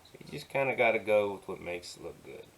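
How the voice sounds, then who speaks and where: A man teaching digital painting in an easygoing, soft-spoken way, talking himself through each step in a put-on folksy drawl. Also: lowish voice, animated, fast talker, vocal fry. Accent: put-on folksy drawl while working. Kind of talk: relaxed screen-recorded painting tutorial.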